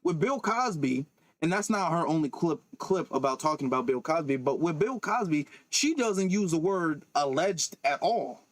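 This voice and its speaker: This man's high-ish, expressive voice moves at a moderate pace with no echo as he comments on a reaction video. He's emphatic and repetitive, dropping "okay" again and again.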